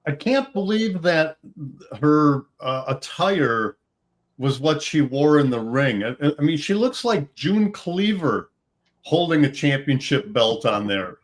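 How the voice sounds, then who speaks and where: A man co-hosting a podcast, chatting in a relaxed way and prompting his partner with questions. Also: a little high, takes it slowly. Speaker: podcast co-host. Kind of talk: casual podcast chat.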